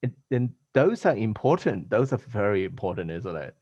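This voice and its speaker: A man's voice: lowish voice, big pitch swings, normal speed, darkish tone, no room sound, highs cut off. A man hosting a podcast in casual conversation over a video call, talking in a rambling, hesitant way with many restarts. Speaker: podcast host.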